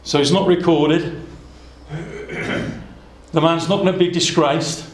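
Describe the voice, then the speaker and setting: A man's voice: a little high, steady tone, slow. Earnest preacher man in an echoey hall. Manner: earnest, conversational, many asides and restarts. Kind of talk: expository Bible sermon. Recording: echoey room.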